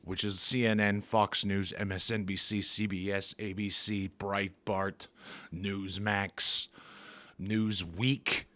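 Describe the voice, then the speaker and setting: A man's voice: fairly low pitch, level tone, slow pace, pushed and bright. A man doing an angry, profane, sarcastic comedy rant as a vlogger.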